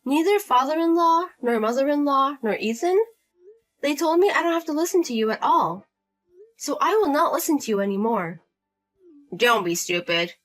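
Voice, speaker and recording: A woman's voice: sits high, lively intonation, normal speed, faint music behind. A woman voicing a fed-up young wife who answers bluntly and sharply. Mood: firm. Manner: sharp, blunt, repeating herself. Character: fed-up young wife standing her ground.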